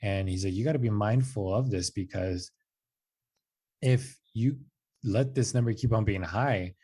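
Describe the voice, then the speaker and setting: This podcast guest is a man in his twenties with a fairly low, slightly rough voice and a slightly slow pace. Sharing a personal story in a casual way, he gets animated and acts out quotes loudly, with frequent "like"s and "dude"s.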